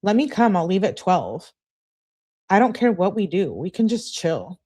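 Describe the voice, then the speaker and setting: A woman's voice: mid-range voice, big pitch swings, normal speed, warm tone, slightly rough. Pushy young woman texting, as a woman reads her. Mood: insistent. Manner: insistent, pleading.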